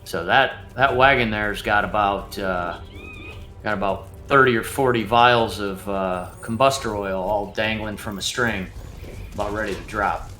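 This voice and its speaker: Gm guy narrating a tabletop game, lots of ums, bright voice, echoey room. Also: on the low side, unhurried. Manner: loose, filler-heavy, laughs easily. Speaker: game master. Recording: roomy echo, faint music behind.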